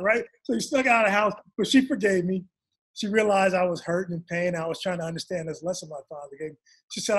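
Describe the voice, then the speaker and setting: A man's voice: high-pitched, fairly even intonation, quick pace, fairly bright tone, slightly rough. A man, an author and guest, telling a long personal story in an interview and acting out his parents' lines.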